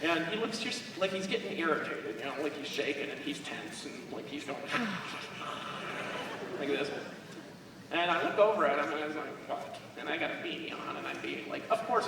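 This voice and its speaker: A man's voice: fairly high pitch, big pitch swings, moderate pace, very noisy. A man speaking live on stage to a crowd, telling rambling, joking stories about his life. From Alaska. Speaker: motivational speaker. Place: large event hall. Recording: echoey hall recorded from far off.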